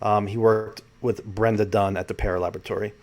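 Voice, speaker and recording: A man's voice: on the low side, level tone, a little fast, darkish tone. A man from New York hosting his own channel, reading a panel transcript aloud with dry, wry asides. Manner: wry asides, reads out quotes. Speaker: host.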